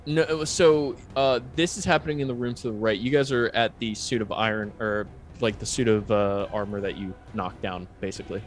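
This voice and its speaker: A man's voice: lowish voice, steady tone, fairly quick, few pauses. A man running a tabletop game as game master, narrating in a loose, conversational way with many fillers.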